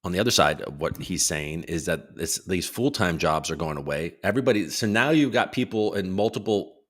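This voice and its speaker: A man's voice: low-pitched, expressive, fairly quick, fairly bright tone. A man hosting his own livestream, chatting loosely about markets and reading out viewer comments, swearing now and then. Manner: rambling, loose, swears casually. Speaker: livestream host.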